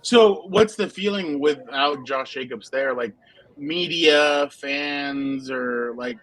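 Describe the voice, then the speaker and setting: A man co-hosting a casual football podcast, telling animated anecdotes and laughing often. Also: a little high, slow pace, no echo, low-quality recording. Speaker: podcast co-host, football reporter. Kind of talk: casual sports podcast chat.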